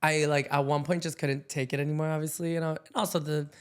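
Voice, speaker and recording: A man's voice: on the high side, flat delivery, quick pace, clear, resonant tone. A young man co-hosting a podcast, chatting casually through a personal story with many fillers and frequent laughs. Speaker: podcast co-host.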